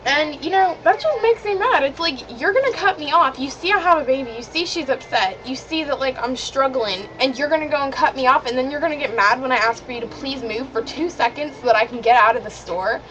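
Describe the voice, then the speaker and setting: A woman's voice: high-pitched, a little fast, hardly any pauses, a bit bright. A teenage girl telling a story to the camera in a casual vlog, chatty and indignant, with lots of "like" fillers. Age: teens. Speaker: vlogger. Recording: dull lo-fi webcam audio with clear background hiss.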